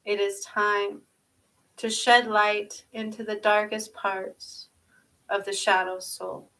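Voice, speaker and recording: A woman channeling a spiritual vision, crying and short of breath, halting and repeating herself as she laughs through tears. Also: mid-range voice, little pitch movement, bright, forceful tone, distant mic, poor audio. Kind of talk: emotional channeling session.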